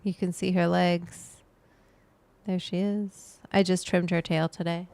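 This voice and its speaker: A woman's voice: lowish voice, little pitch movement, unhurried, gravelly, a little mellow. A woman hosting a casual livestream, rambling to her viewers and her pet as she goes. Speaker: livestream host.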